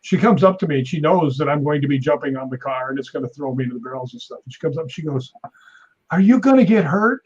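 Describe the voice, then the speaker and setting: A man in his fifties, a stuntman guest on a talk show, telling animated anecdotes with sound effects and chuckles. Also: mid-range voice, very fast, hardly any pauses, slightly rough. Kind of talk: casual interview storytelling. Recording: dull lo-fi sound.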